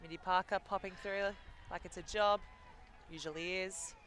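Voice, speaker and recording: High, bright male commentator. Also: fairly even intonation, moderate pace, some chatter behind. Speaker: sports commentator. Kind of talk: live sports commentary.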